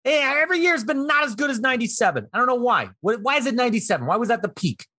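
A man in his thirties co-hosting a casual comedy podcast, telling bits in an animated way and jumping into high voices for characters. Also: rapid-fire, dry recording, studio quality. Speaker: podcast co-host.

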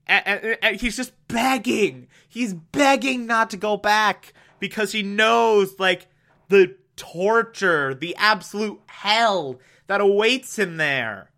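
Man, high voice, unhurried, casual animated episode recap. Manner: animated and exclamatory. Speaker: show recapper.

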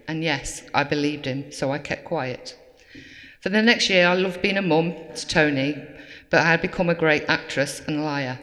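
Woman, steady personal testimony, long hall echo; talk to a crowd. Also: sits low. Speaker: survivor giving a talk. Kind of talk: personal testimony read to an audience.

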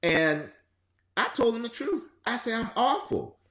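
A man's voice: very high voice, measured pace, roomy sound. A man speaking as a guest in a casual conversation about grief, telling stories and acting out what people say. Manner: animated storytelling, acting out quotes.

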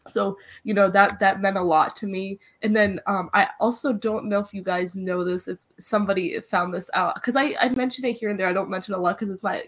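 A young adult woman, a guest on a podcast, chatting in a bubbly, excitable way full of "like"s. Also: mid-range voice, brisk, hardly any pauses. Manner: bubbly, excitable storytelling, many "like"s. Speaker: wrestling interviewer, podcast guest. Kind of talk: casual podcast chat.

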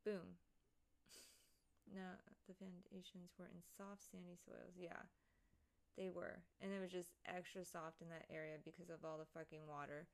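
A woman's voice: fairly low pitch, flat delivery, moderate pace, creaky. A woman streamer chatting casually, rambling and sidetracked, swearing freely as she talks. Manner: rambling, profane, easily sidetracked.

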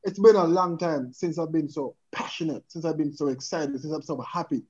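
Podcast guest, man, lively and earnest with patois, higher-pitched voice, muffled lo-fi audio. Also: brisk, slightly rough. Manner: animated, repeatedly checks in with the listener, mixes in patois. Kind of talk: casual chat. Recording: dull lo-fi sound.

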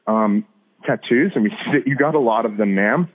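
A man in his thirties tells a personal testimony in an easy conversational way, laughing often and repeating himself as he goes. His voice sits at an ordinary middle pitch. The sound comes through a thin, phone-like line. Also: brisk. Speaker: guest telling a testimony. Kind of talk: casual storytelling testimony. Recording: phone-like narrow band audio.

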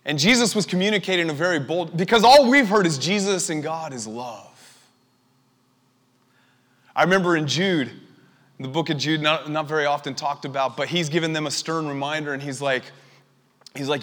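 A man preaching a sermon, chatty at first and building to forceful, emphatic delivery. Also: fairly high pitch, moderate pace, in a large hall.

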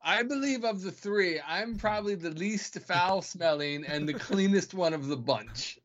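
A man playing a tabletop game, joking around and talking in character as a smooth-talking bard. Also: high voice, animated, unhurried, fairly bright tone, no echo, muffled recording. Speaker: player. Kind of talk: casual tabletop game play.

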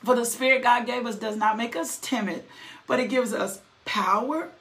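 A woman's voice: a little high, normal speed. A middle-aged woman preaching a sermon, reading scripture and calling out to listeners. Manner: animated, calls to the audience with "right?" and "come on now".

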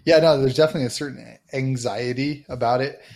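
A man's voice: medium pitch, steady tone, fast talker, a little mellow. A man hosting a podcast interview, speaking conversationally with frequent "you know" fillers. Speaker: podcast host.

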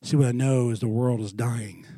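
A middle-aged man preaching a sermon in a church, moving from loud, lively storytelling to quiet, earnest lows. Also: moderate pace, breathy edge, no room sound, studio quality. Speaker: pastor.

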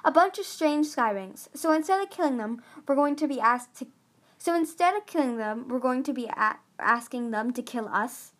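A bold young female dragon shouts back with combative bite, voiced by a woman reading aloud. She sounds fierce and ready to fight. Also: sits high, expressive, normal speed.

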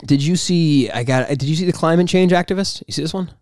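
A man co-hosting a podcast, chatting casually and animatedly, jumping into quick mock quotes. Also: on the high side, dry recording, clean studio sound. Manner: animated, jokey, acts out quotes. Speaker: podcast co-host. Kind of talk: casual chat.

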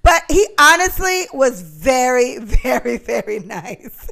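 A young woman with a gravelly, fry-laden voice chats casually on a podcast. She is animated and swears freely, slipping into the voices of people from her stories. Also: high-pitched, a little slow, few pauses. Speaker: podcast co-host. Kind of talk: casual storytelling chat.

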